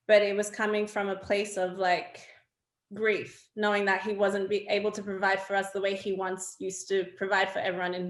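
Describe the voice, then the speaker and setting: A woman's voice: mid-range voice, reverberant. A young adult woman, a guest on an interview show, telling stories casually with many fillers and frequent laughs. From Australia. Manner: animated, laughing often, lots of fillers. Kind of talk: casual storytelling conversation.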